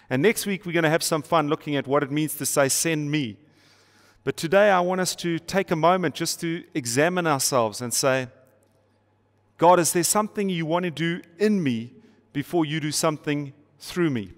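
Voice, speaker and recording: Preaching to an online audience, this middle-aged South African pastor is emphatic and repetitive, mixing rhetorical questions with playful asides. His voice is fairly high, his pace moderate, and a long hall reverb surrounds it.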